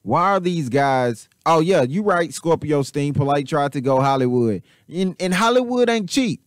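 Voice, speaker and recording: A man's voice: on the high side, normal speed, no room sound. Rambling, repetitive male commentator, dry sound. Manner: rambling, repetitive, animated, swears freely. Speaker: channel host. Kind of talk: casual commentary.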